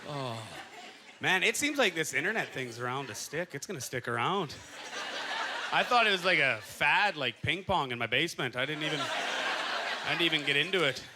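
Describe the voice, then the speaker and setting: A man's voice: normal speed, heavy background noise. A man doing stand-up comedy, acting out voices as he tells stories. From Canada. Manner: animated, acts out voices with big pitch jumps. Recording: live club set with audience laughter.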